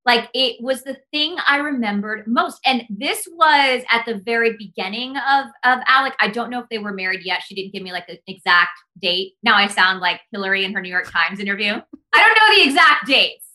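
A woman's voice: medium pitch, a little fast, few pauses, sharp tone. A woman from Texas, a guest in a casual gossip chat, talking emphatically and running on with "like" and "right?".

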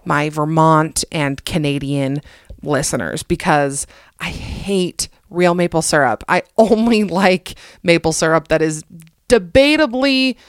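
A woman's voice: low voice, clean tone, dry recording, studio quality. A young adult woman from the United States hosting a podcast, chatting casually with jokey, self-deprecating asides. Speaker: podcast host. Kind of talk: casual comedic monologue.

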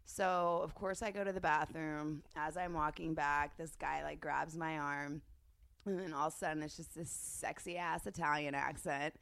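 A woman's voice: low voice, steady tone, moderate pace, gravelly, a bit bright, no room sound. A woman in her thirties, a podcast guest telling a story in casual chat, laughing often as she talks. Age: 30s.

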